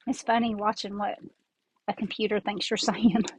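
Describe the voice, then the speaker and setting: A woman's voice: medium pitch, little pitch movement, normal speed, a little mellow, slightly rough, low-quality recording. A woman with a Southern accent chatting casually while she makes a craft, rambling as she works with her hands and a bit congested. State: congested from sinuses. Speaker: craft host. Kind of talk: casual craft tutorial chat. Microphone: earbud mic.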